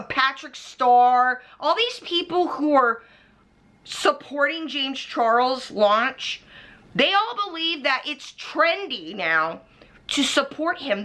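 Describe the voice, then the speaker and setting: An angry young woman with a high, bright voice rants at the camera. She's a beauty commentary vlogger, heated and profane, pointing at the lens while its on-board mic picks her up from the front.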